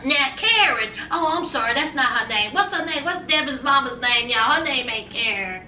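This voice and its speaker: A woman's voice: high voice, lively intonation, normal speed, pushed and bright, recorded from a distance, a little hiss or hum. A woman reviewing reality TV in a casual, sassy vlog, calling her viewers honey and y'all. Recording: roomy echo, a bit off-mic.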